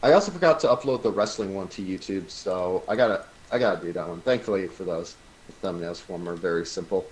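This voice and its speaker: Low-pitched man, casual rambling chatter with fillers. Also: fast, slight background noise, rough recording. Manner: rambling, filler-heavy storytelling. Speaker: friend on stream. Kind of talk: casual chat.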